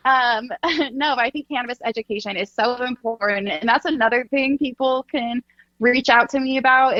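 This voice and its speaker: A blunt, chatty woman talks casually as a podcast guest and laughs often. Her voice sits a little high. The sound is dry and a bit muffled. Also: a bit bright, no echo.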